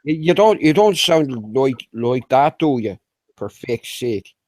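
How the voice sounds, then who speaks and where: A man's voice: mid-range voice, expressive, slow, a little mellow, dry recording. A man chatting casually in an online voice room, swearing freely, laughing a lot and rambling with restarts. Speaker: chat room regular. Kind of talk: casual online group chat.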